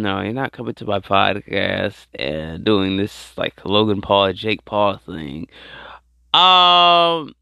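A man's voice: lowish voice, vocal fry, bright, forceful tone, smooth, no room sound, studio quality. A man hosting his own podcast, rambling in slangy casual commentary and repeating himself a lot. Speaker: podcast host.

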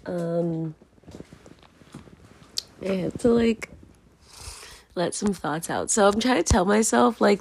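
A woman's voice: medium pitch, slow pace, creaky, long pauses, slight background noise. A young woman, hosting a podcast from her bedroom in a casual, rambling way, full of fillers and self-mocking laughter. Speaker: podcast host. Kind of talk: casual confessional monologue. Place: bedroom, at home.

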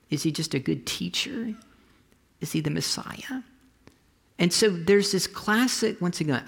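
A pastor preaching a conversational, storytelling sermon, often restarting phrases and dropping to a soft whisper for emphasis. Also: medium pitch, vocal fry, slightly rough, big-room sound. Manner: frequent restarts and trailing phrases.

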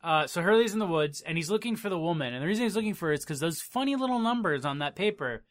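A man co-hosting a casual comedy podcast, retelling a story with jokes, frequent laughs and quick character voices. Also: a little high, expressive. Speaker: podcast co-host. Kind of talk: casual comedic recap chat.

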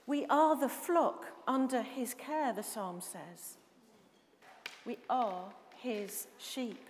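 Slow-spoken high-voiced woman preacher. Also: a little hiss or hum. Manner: measured, emphatic, asks the room questions. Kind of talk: sermon with congregation questions. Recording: reverberant hall.

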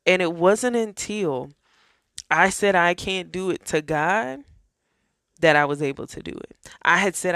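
A woman's voice: fairly low pitch, moderate pace, fairly bright tone, no echo, clean studio sound. A woman giving an earnest, casual personal faith testimony, talking to her viewers as y'all and friends. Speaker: faith vlogger.

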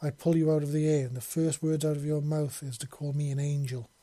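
A man's voice: fairly high pitch, level tone, fairly quick, warm tone, no echo, natural voice. A man voicing a devoted dragon-woman, slightly raised. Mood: adoring. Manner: earnest, tender declarations. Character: lovestruck female dragon-woman, devoted and possessive. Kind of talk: audiobook character voice.

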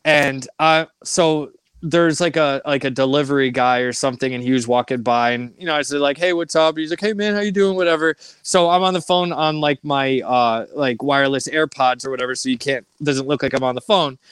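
A man's voice: medium pitch, fairly even intonation, a little fast, a bit bright, clean tone, dry recording. A young man casually telling a rambling, funny story on a podcast, laughing and acting out the people in it. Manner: rambling, laughing, acts out voices in his stories. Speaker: podcast co-host.

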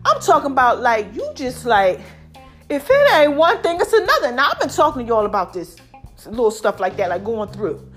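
Middle-aged woman, casual vlog chat, high voice swooping all over, allergy-roughened, faint music underneath. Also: normal speed. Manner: animated, chatty, repeats catchphrases, laughs often. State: voice a bit deep from allergies. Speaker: online personality talking to followers.

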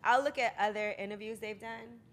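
A woman chatting casually on a podcast as the guest, telling animated stories about her work with lots of "like". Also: a little high, brisk. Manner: chatty, animated storytelling, frequent "like". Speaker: interview guest, media host.

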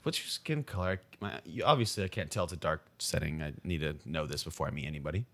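A man's voice: a bass voice, quick pace, a bit bright. A man performing an improvised comedy sketch, reacting in a wary, exasperated and dry way.

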